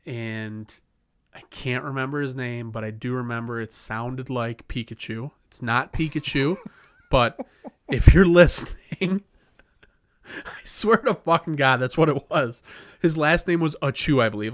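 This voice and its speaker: A man in his thirties, a podcast co-host, telling stories in casual chat, animated, laughing and swearing often. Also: mid-range voice, unhurried, no room sound. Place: podcast studio.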